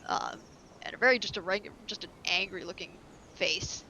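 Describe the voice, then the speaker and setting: A woman's voice: mid-range voice, normal speed, sharp tone, slight background noise. A woman narrating as game master of a tabletop role-play, rambling with many fillers and easy laughs.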